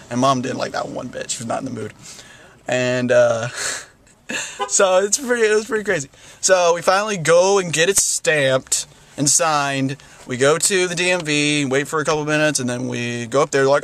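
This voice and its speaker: A man's voice: fairly high pitch, lively intonation, a little fast, fairly bright tone. A young man telling a rambling story in a casual vlog, full of "like" and "you know", often laughing. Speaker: vlogger.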